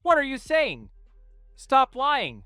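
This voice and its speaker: Harsh dismissive village leader, played by a man, high strained pitch, loud, bright forceful tone. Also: big pitch swings, slow, clear, resonant tone, dry recording, clean studio sound, faint music behind, exaggerated voice. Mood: shouting. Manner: dismissive and shouting.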